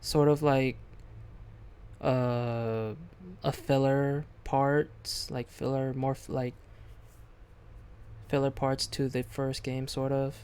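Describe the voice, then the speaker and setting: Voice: medium pitch, level tone, takes it slowly, pauses often, darkish tone, clean tone. A game streamer chatting casually on a live stream, rambling and thinking aloud. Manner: rambling, thinks aloud, second-guesses pronunciation.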